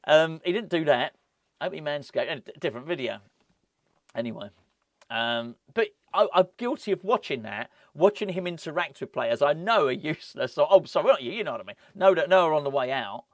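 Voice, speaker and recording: A man hosting a casual football vlog, rambling and animated, often breaking off with laughs. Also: fairly high pitch, a little fast, no echo. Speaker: football fan channel host.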